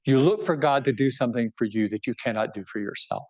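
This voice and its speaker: A bishop gives a casual book talk to a live audience, joking with self-deprecating humor and frequently checking in with his listeners. His voice is medium-pitched with a darkish tone, and he talks fast.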